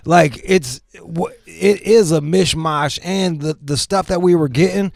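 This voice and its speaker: Gravelly, profane talk-show host. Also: male voice, sits high, moderate pace, hardly any pauses, no room sound, clean studio sound. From Michigan. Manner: profane, loose, animated.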